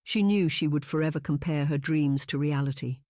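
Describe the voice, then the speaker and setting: A measured audiobook narrator telling a romance story in a steady, mid-range voice. The sound is close and dry, with no room around it. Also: medium pitch, dry recording. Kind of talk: scripted narration.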